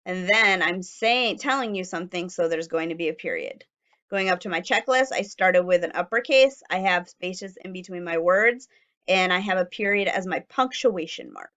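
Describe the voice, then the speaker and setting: A woman teacher giving a phonics lesson to young children, sounding out letters slowly and clearly. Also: fairly low pitch, a bit bright, lo-fi sound.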